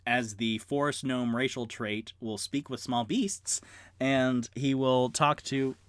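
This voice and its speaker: A man's voice: medium pitch, slow, smooth, no room sound. A man streaming live from his room at home, narrating a tabletop game as dungeon master and rambling to his chat. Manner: animated, rambling, talks to chat. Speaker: dungeon master and solo player.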